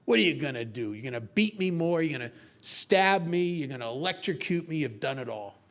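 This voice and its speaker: A man voicing a tough male spy who sneers at his captors with gruff bravado while telling a story. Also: a little high, lively intonation, fairly quick, a bit bright. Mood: defiant. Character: tough, defiant male spy under torture.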